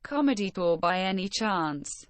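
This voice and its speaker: A synthetic female text-to-speech voice reading viewer messages in a flat monotone. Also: mid-range voice, unhurried, no echo. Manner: flat monotone robotic delivery. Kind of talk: synthetic read-out of donations.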